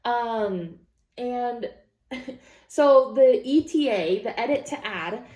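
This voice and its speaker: A woman's voice: a little high, drawn-out words. Blunt, swearing woman in a roomy echo. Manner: blunt, swears freely, animated asides. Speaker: craft vlogger reading and reacting to an online story. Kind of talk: casual reaction chat.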